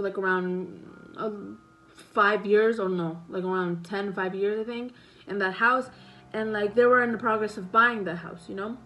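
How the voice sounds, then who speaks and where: A woman's voice: mid-range voice, poor audio. A young woman casually retelling a story to her viewers, rambling and correcting herself with many fillers. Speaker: vlogger.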